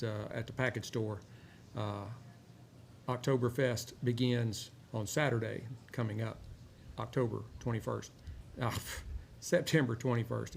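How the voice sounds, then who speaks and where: A man from Texas with a drawl, hosting a cigar review show and chatting in a rambling, relaxed way with many filler words. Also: mid-range voice, vocal fry. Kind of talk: casual chat while smoking a cigar. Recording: faint background noise.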